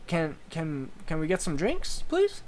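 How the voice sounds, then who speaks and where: A man's voice: fairly high pitch, huge pitch swings, a little slow. Man putting on an awkward half-elf woman. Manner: hesitant, awkward.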